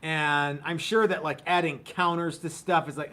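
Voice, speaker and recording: A man's voice: a little high, fairly even intonation, moderate pace, bright, forceful tone. A man in his fifties hosting a casual live stream, chatty and jokey, rambling with restarts. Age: 50s. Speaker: host. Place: workshop studio.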